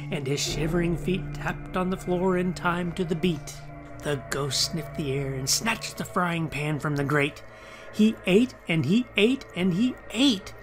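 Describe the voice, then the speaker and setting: Man, children's book read-aloud, slow, dramatic pauses, faint background music. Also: on the high side.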